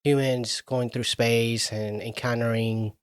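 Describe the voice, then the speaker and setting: A man co-hosting a podcast, talking about a movie in a relaxed, rambling and profane way. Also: medium pitch, slow pace, clean tone, dry recording, studio quality. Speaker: podcast co-host. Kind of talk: casual movie chat.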